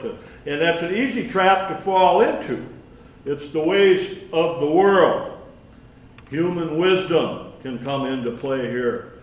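A man giving a conversational sermon with scripture reading, folksy and halting, with many restarts and asides. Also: fairly high pitch. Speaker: lay preacher. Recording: echoey room from far off.

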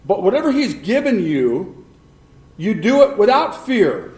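A man's voice: high voice, very animated, unhurried, darkish tone. A man preaching a sermon who keeps questioning his congregation and repeats points for emphasis. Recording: echoey room.

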